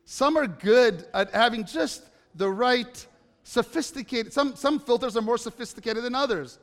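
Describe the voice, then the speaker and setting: High-voiced man telling stories in a hall. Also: normal speed, a bit bright. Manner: conversational, asks the audience questions. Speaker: speaker addressing an audience. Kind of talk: personal storytelling talk. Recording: reverberant hall.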